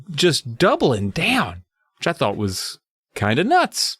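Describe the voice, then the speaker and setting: Animated man recapping a book. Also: fairly high pitch, a little slow, husky, dry recording, clean studio sound. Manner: animated, swearing, acts out lines. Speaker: podcast co-host. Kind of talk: casual chat recapping a book.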